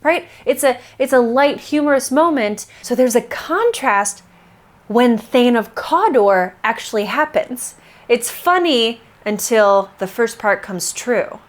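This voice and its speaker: Woman vlogger, casual film reviewer, animated delivery, quick to laugh, slips into little character voices, close-miked. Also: fairly high pitch. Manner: animated, laughs often, acts out quotes.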